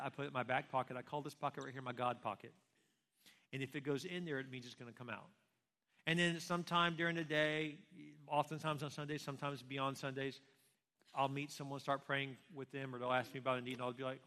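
Man, pastor, sermon, rapid delivery, rhetorical questions, reverberant hall. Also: a little high, pushed and bright. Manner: conversational preaching with rhetorical questions. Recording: long reverb of a large hall.

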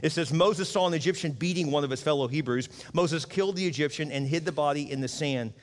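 A middle-aged pastor preaches in a relaxed, conversational way, slipping into the voices of the people he quotes. His voice sits a little high for a man, and a long reverb from a large hall trails after his words. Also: fast talker. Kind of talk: sermon.

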